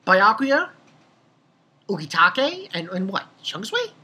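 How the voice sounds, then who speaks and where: A young man casually reviewing a comic chapter, rambling and excitable, swearing freely and laughing at his own jokes. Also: high-pitched, unhurried, husky. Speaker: manga reviewer.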